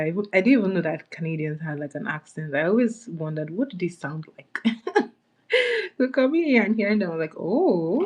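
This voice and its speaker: A woman hosting a casual makeup livestream, chatting with viewers and greeting them by name as she applies products. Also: fairly low pitch. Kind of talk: casual live-stream chat.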